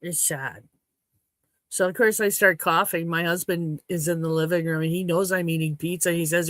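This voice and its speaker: A woman from Saskatchewan hosting a casual livestream chat at home, rambling and frank, her throat a little hoarse. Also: sits low, steady tone, normal speed, fairly bright tone, no room sound. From Saskatchewan, Canada. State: slightly hoarse throat after choking. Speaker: livestream host. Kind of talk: casual chat to a live audience.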